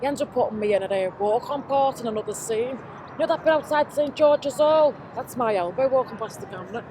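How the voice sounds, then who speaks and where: A comic presenter plays a gossipy Scouse woman pushing a shopping trolley, her voice a little high, brisk and natural. In this street comedy sketch, the chatty Liverpool character rambles and keeps butting in with her own stories, with traffic noise audible outdoors.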